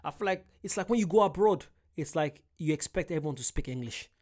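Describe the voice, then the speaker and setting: A man casually reacting to street interviews, talking in an animated, rambling way and often cutting himself off. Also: on the high side, fast. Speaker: reaction video host.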